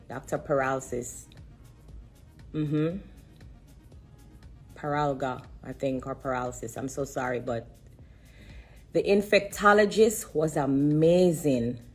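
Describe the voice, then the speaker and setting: A woman giving an emotional testimony on a live stream, religious and repetitive, pausing to breathe and fight back tears. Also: sits low, husky. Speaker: live streamer sharing her story.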